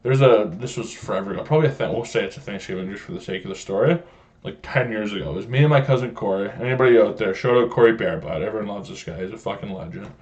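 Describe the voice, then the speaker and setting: A man's voice: fairly low pitch, fast talker, darkish tone. A young man from Canada hosting a podcast, telling rambling stories in casual, heavily profane chat. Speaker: podcast host. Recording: slightly dull lo-fi sound.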